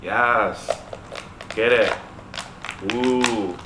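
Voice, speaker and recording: A mid-range voice with drawn-out words belongs to a man co-hosting a home mukbang channel. Seated at the dinner table, he giggles and chats casually as he eats, rambling with plenty of "like"s; the room echoes and there's noise in the background.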